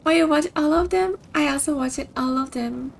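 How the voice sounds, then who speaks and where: High-voiced chatty woman streamer. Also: normal speed, gravelly, slight background noise. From Brazil. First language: Portuguese. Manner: chatty, upbeat, giggly. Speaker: game streamer. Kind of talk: casual stream chat with game commentary.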